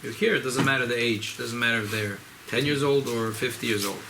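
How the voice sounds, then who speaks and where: Gravelly rabbi at a farbrengen. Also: male voice, mid-range voice, fairly even intonation, fairly quick, noisy background. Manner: repetitive, restarts phrases, mixes Yiddish and Hebrew terms. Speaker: rabbi giving a farbrengen talk. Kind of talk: informal Chassidic talk at a gathering.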